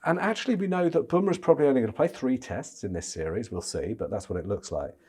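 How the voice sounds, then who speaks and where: A man's voice: mid-range voice, animated, fast talker, a little mellow, husky. A man, a chief cricket correspondent, chatting casually on a podcast, with frequent stammering restarts.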